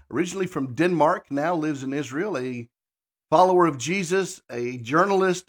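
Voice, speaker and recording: Male talk radio host with a slightly high voice, measured and friendly. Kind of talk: radio talk show hosting.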